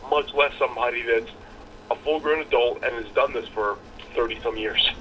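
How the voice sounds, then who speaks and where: A man's voice: medium pitch, moderate pace. A man co-hosting a chatty podcast, rambling through long stories and slipping into the voices of the people he quotes. His voice sits in an ordinary middle range. The recording sounds slightly dull and lo-fi, with a faint hiss behind him. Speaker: podcast co-host. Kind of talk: casual chat.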